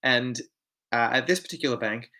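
A man's voice: mid-range voice, fairly quick, sharp tone. A man, co-hosting a podcast and telling work stories in casual chat, candid and swearing freely. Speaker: podcast co-host.

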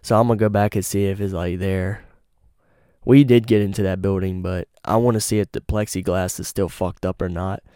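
A young man tells a story on his podcast, loose and full of cursing and slang. His voice is a little low and mellow, almost warm, close and dry on a studio mic with no room sound. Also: fairly quick, clean tone, no room sound. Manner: profane, slangy, animated storyteller. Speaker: podcast host. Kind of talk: casual storytelling monologue. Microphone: studio mic with pop filter.

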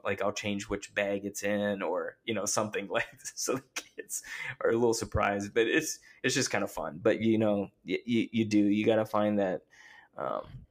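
Middle-aged guy rambling thru family stories, lots of ums, gravelly low voice. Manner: rambling, warm storytelling with many fillers. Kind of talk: casual chat.

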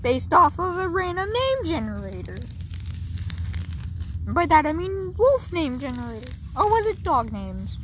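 A playful woman co-hosting a casual chat. She teases and jokes, and her voice sits a touch high and swings up and down a lot. There is clear noise behind her. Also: big pitch swings, measured pace. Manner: playful, jokey, teasing. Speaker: co-host. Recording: noisy background.

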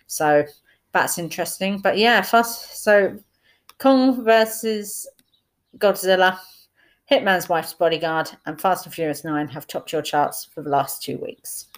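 A young woman chatting casually through a film review, enthusiastic, with many fillers and restarts. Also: medium pitch.

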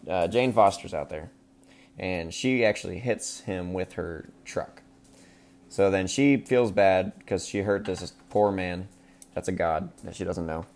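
A man's voice: low voice, a little slow, a little mellow. A man hosting a podcast, recapping a movie in a casual, crude, joking way full of fillers. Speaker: podcast host.

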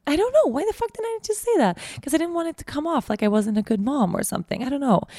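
A woman's voice: fairly low pitch, vocal fry, a little mellow, no room sound, studio quality. A woman in her thirties hosting a podcast, telling a personal story in a candid, rambling way with many fillers. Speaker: podcast host.

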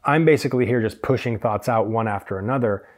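A man's voice: on the low side, quick pace. A man hosting a solo podcast, a hairdresser telling stories from the salon and drifting into tangents with many fillers.

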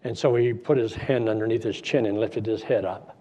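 A man preaching a sermon as a lively story, acting out the voices of the people in it. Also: lowish voice, fairly quick. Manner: animated storyteller acting out dialogue.

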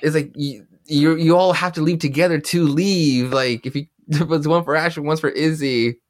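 A man's voice: on the high side, steady tone, normal speed, no echo, studio quality. A man co-hosting a podcast in a laid-back casual chat, swearing casually. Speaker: podcast co-host. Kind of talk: casual comic book chat.

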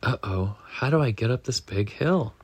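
A man's voice: mid-range voice, expressive, normal speed, a little mellow, slightly rough, dry recording. A man voicing a cheerful little boy tiger cub while reading a picture book aloud, in an eager, bouncy voice. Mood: worried.

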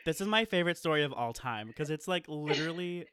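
A man's voice: fairly high pitch, lively intonation, fast talker, over a noisy crowd. A man hosting a podcast who tells stories in a rambling, casual way, full of fillers and laughs. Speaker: podcast host. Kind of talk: casual storytelling chat.

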